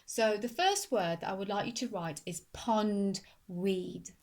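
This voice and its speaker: A woman teaching a phonics lesson to young children, speaking slowly and clearly and sounding out words syllable by syllable. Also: medium pitch, darkish tone. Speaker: primary school teacher.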